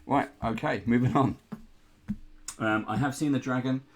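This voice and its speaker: A man's voice: mid-range voice, steady tone, moderate pace. A man hosting a casual unboxing indoors, chatty and rambling, with playful groans of disgust. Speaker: host unboxing miniatures.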